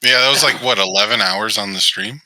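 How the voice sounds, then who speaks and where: A man in casual chat as a guest tournament organizer, explaining at a measured pace with many fillers. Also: fairly low pitch, pushed and bright, no room sound, poor audio.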